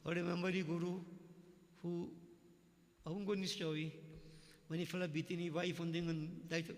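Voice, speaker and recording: A man's voice: high-pitched, level tone, normal speed, in a large hall. A man preaching a sermon, telling folksy stories with jokes. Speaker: religious leader.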